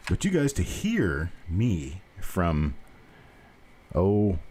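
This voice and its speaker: This host, a man in his fifties from the American South with a mild accent, runs a live coin stream in a blunt, rambling way with self-deprecating asides. His low voice is a little mellow and husky, with huge pitch swings and drawn-out words.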